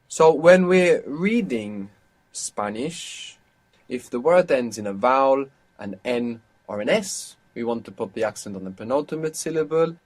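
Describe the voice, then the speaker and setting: A man's voice: medium pitch, lively intonation, unhurried. A man teaching as a language teacher on an audio course, patient and explaining things step by step.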